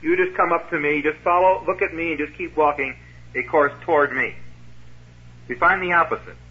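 A man's voice: on the high side, moderate pace, muffled recording. A man preaching a sermon in a conversational way, posing rhetorical questions to his listeners.

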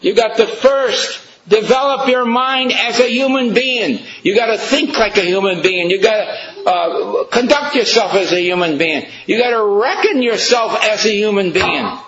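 A man voicing a wise, calm great one who speaks in a measured, instructive way. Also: sits high, dull audio, crowd noise, pitched above the performer's own voice.

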